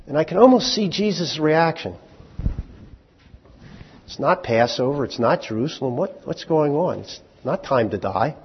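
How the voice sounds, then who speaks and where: A man preaching a sermon as pastor, conversational and joking, dropping to a hush and then bursting out loud. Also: on the high side, unhurried, pauses often, breathy edge. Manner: animated, jumps from hushed to loud in sudden bursts. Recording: long hall reverb, dull lo-fi sound.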